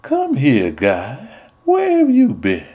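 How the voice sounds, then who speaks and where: A man's voice: on the high side, wildly swooping pitch, takes it slowly, warm tone, voice pushed up, full character voice. A man voicing a nun who plays Portia as a flirty southern belle, with a silky, sweet, coy voice.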